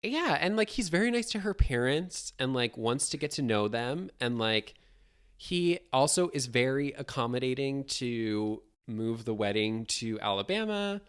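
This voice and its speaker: A podcast co-host chatting casually, telling stories in an animated way and acting out quotes. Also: mid-range voice, unhurried, clear, resonant tone. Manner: animated, lively storytelling with acted-out quotes. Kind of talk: casual chat.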